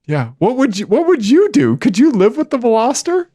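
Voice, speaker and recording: A man with a high-pitched voice co-hosting a podcast in a casual, chatty way, with frequent yeahs and okays. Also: moderate pace, no echo, clean studio sound. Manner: animated, chatty, frequent back-channel yeahs. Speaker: podcast co-host. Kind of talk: casual chat.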